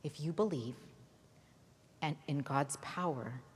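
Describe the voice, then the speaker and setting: A woman voicing a gentle, calm grown man who comforts his friends, in a children's Bible story. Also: deep voice, slow, a little hiss or hum. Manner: gentle, reassuring. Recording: reverberant hall.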